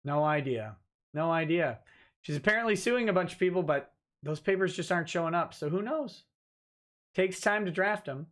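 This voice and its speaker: Male lawyer host, high-pitched, casual livestream chat, dry short answers. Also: lively intonation, normal speed, a bit bright. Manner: dry, offhand replies to chat. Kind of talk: casual livestream chat reading viewer comments.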